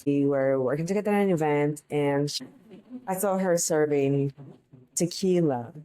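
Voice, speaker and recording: Low, mellow-voiced woman telling stories. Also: a little slow, poor audio. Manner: rambling, chatty, laughs at her own stories. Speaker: podcast host and bartender. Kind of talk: casual storytelling monologue.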